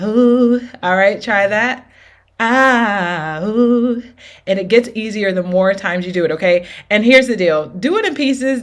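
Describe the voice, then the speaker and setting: A woman teaching an R&B singing lesson with demonstrations, upbeat and encouraging, often checking in with her students. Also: mid-range voice. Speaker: vocal coach.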